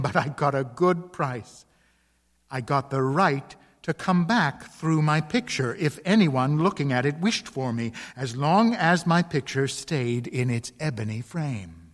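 A devoted ghost woman stepping out of an old painting, as a man reads her part, slow and pleading. Her words drawn out at an unhurried pace, with a long hall reverb trailing after each phrase. Her tone tender and mournful. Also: a little high. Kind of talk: dramatic reading of a ghost story.

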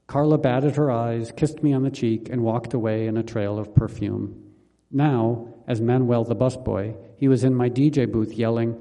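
A man reading his own memoir aloud in a calm, measured, wry manner. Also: medium pitch, big-room sound. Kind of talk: memoir audiobook narration.

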